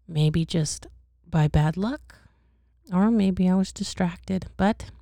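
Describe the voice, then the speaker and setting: A woman reading a bedtime story aloud in a casual way, swearing and pausing to react to the text. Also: on the low side, gravelly, dark tone, dry recording, studio quality.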